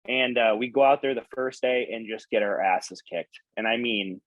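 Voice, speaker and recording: A man's voice: medium pitch, normal speed, fairly bright tone, no room sound, low-quality recording. A man in a casual podcast chat, telling a story animatedly and swearing casually.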